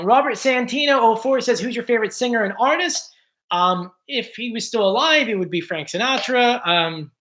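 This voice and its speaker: Reading out viewer comments on a casual livestream, a YouTube host from South Jersey, USA, responds in a chatty, meandering style packed with "likes" and "ums." His voice sits high with a fairly bright tone.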